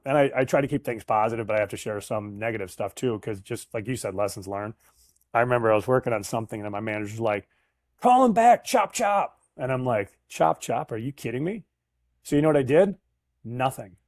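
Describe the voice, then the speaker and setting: A man's voice: fairly low pitch, brisk, dry recording, clean studio sound. A middle-aged man, a sales professional, telling stories from his career in a casual interview and acting out the people he quotes. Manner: animated storyteller, acts out quoted voices.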